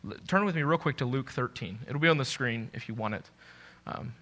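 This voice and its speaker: Earnest, bright-voiced male preacher. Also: fairly quick. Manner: earnest, repeats words when restarting, rises in pitch and force when quoting doubters. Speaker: pastor. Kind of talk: sermon.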